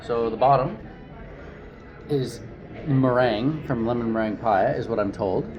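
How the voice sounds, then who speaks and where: A man's voice: mid-range voice, moderate pace, highs cut off, crowd noise. A man casually narrating a travel vlog outdoors, easygoing and chatty, laughing often. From Canada. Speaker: outdoor vlogger.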